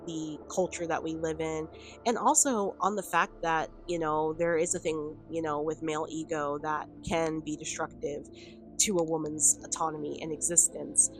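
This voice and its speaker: A woman with a low, steady voice talks casually to a camera on a stand for her commentary vlog, speaking at normal speed. She rambles chattily, leaning on "like" and "um" and laughing between points, with faint music behind her.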